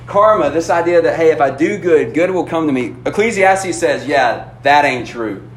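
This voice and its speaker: Casual youth pastor in an echoey hall. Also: male voice, fairly high pitch, lively intonation. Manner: casual and conversational, with frequent "like" and "man" and quick restarts. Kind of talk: lively youth sermon. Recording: roomy echo, faint room noise.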